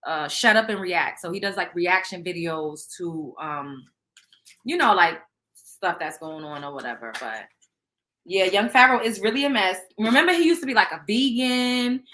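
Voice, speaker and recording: A woman hosting a show, chatting casually with viewers and reading out tarot cards in a loud, animated, profane way. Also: lowish voice, normal speed. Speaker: show host.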